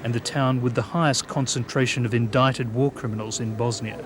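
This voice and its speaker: A man reading scripted documentary narration in a measured, even way. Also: medium pitch, noisy background.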